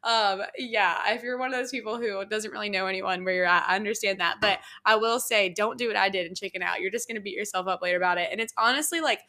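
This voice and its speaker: A bright, clear-toned young woman tells a personal story on her podcast. Her talk is loose and chatty, packed with "like" and "you know," and she acts out the dialogue as she goes. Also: medium pitch. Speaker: podcast host. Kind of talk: casual storytelling monologue.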